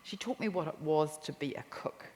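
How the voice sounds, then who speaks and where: A woman with a New Zealand accent, a cookbook author telling lively anecdotes in a stage interview at a live festival talk. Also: low voice, fairly quick. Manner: animated anecdotes with quoted voices and laughter. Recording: reverberant hall with faint noise.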